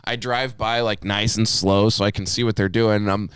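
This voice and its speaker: A young man co-hosting a podcast, telling everyday stories as animated rants, swearing often and acting out his own outbursts. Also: fairly low pitch, moderate pace, a little hiss or hum. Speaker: podcast co-host. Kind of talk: casual chat.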